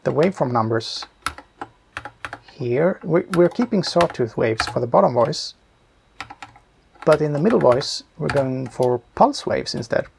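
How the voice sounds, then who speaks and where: A man calmly explaining his programming step by step, thinking aloud as he works. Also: mid-range voice, a little slow, vocal fry, pauses often, noisy background. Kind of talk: screen-recorded coding tutorial.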